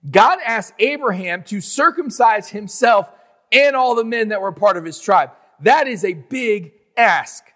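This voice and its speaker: A man's voice: high voice, expressive, a little slow, a bit bright, in a large hall. A man preaching a sermon in a conversational way, acting out biblical figures in modern slang. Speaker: pastor.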